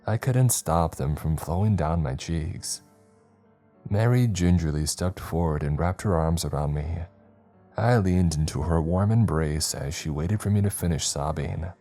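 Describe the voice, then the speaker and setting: A man reading a horror story in first person, measured and dramatic. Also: low voice, mellow, faint music behind. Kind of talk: scripted narration.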